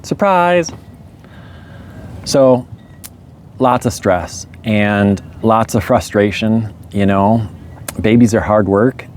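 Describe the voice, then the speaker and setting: A man telling a story in a relaxed, rambling way, chuckling often. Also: lowish voice, a little hiss or hum. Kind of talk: casual storytelling monologue.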